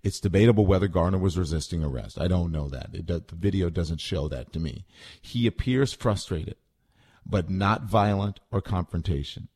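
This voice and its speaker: Man, low register, radio commentator; deliberate, blunt read of a news story. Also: lively intonation, darkish tone, breathy edge.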